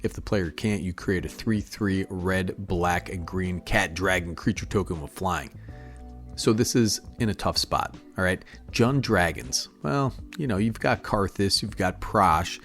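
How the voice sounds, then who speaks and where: A man's voice: sits low, unhurried, a bit bright, soft background music. A middle-aged man hosting his channel, talking casually and jokingly about card game picks, calling listeners dude and bro. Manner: laid-back, jokey, calls listeners dude and bro. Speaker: channel host.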